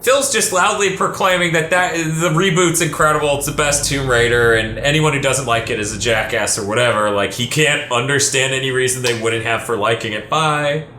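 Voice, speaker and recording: A man chatting casually during a let's play, telling a story with lively, jumping delivery. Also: a little fast, few pauses. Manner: animated storyteller, voice jumps high when retelling arguments. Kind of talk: casual group chat over gameplay. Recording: echoey room with faint noise.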